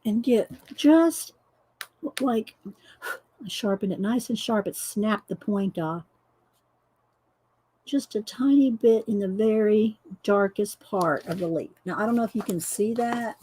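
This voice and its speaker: A woman's voice: medium pitch, slow pace, mellow, slightly rough. A middle-aged woman, hosting a casual coloring livestream, chatty and laughing often as she greets viewers. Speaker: livestream host demonstrating coloring.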